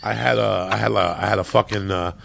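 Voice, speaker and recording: A man who is a podcast guest, telling loud, profane stories in casual chat. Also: on the low side, steady tone, fairly quick, creaky, a little hiss or hum.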